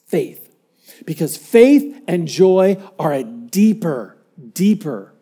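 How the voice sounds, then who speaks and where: A man preaching a sermon, earnest and dynamic, dropping to a hush and then rising to emphatic points as he tells stories. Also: fairly high pitch, husky. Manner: dynamic, swinging from hushed to emphatic; earnest storytelling with acted-out quotes. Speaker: pastor.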